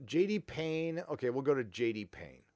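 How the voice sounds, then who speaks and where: A man rants on his own livestream, blunt and loose with swearing. He sits close to the mic in a dead, dry room, and his voice sits at an ordinary middle pitch. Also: lively intonation, normal speed, a little mellow, no echo. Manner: blunt, profane, loosely rambling. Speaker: livestream host. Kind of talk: casual livestream rant.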